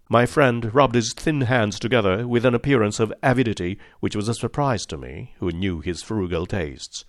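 Male audiobook narrator, fairly low voice, measured and formal, dry close sound. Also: dry recording.

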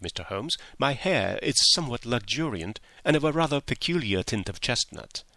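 A man reading a story aloud in measured scripted narration. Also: mid-range voice, sharp tone, no room sound. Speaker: audiobook reader.

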